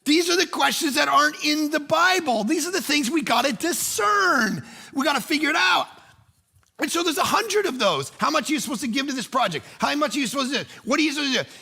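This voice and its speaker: Animated high-voiced pastor. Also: male voice, a little fast, creaky. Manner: animated, acts out voices in his story, casual slang. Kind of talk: sermon with a storytelling anecdote.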